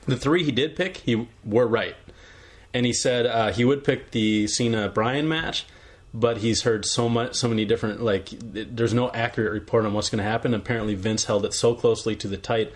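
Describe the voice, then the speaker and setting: A man's voice: medium pitch, moderate pace. A man co-hosting a podcast in casual chat, rambling and restarting his sentences. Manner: rambling, many fillers and restarts. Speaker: podcast co-host.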